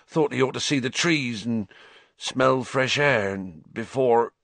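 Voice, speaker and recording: A man voicing a huge, gentle groundskeeper who is grieving and shaken, halting and subdued. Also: medium pitch, gravelly, dry recording, voice pushed up. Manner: halting and subdued, stumbling over words.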